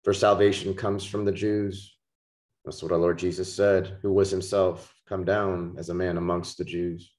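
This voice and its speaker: A man preaching a podcast sermon, slow and emphatic, repeating key words for stress. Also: deep voice, level tone, a little mellow. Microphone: podcast microphone.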